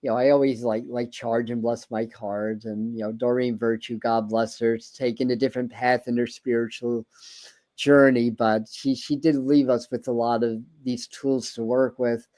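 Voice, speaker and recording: A man's voice: medium pitch, little pitch movement, moderate pace, a little mellow. A man hosting a tarot livestream in casual chat, rambling with many restarts and repeated words. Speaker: tarot reader and livestream host.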